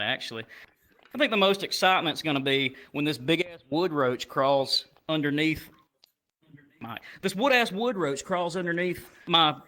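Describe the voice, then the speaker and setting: A young man tells a crude stand-up story with a bright, forceful voice that sits a little high. He gets animated and breaks into loud shouts at times. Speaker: stand-up comedian.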